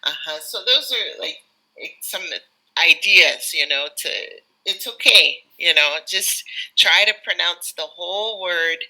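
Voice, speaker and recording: A woman's voice: fairly low pitch, lively intonation, a little slow, pushed and bright, low-quality recording. An American woman working as an English tutor, giving encouraging tips in a live online lesson with lots of "you know" fillers. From United States. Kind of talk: live online teaching chat.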